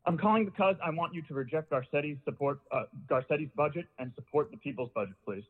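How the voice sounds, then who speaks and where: A man's voice: a little high, fast, breathy edge. An out-of-breath man calling in with a public comment, insistent and frustrated. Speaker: public caller. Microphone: phone. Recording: phone line with long reverb.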